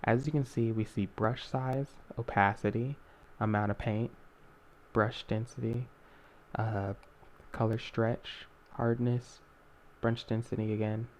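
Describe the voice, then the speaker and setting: A man's voice: lowish voice, a little mellow. A young man hosting a casual screen-recorded art tutorial, talking in a rambling way with many fillers and self-corrections.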